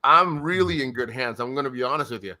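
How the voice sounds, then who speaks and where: A man's voice: mid-range voice, quick pace, pushed and bright. A man hosting a live stream, talking casually and emotionally, rambling and retelling what others said. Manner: rambling, restarts a lot, retells quotes.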